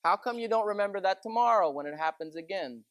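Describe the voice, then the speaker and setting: Fast and animated, a preacher with a high, somewhat bright voice rolls through a conversational sermon. He's folksy, telling stories and dropping many "you know" asides, recorded without echo.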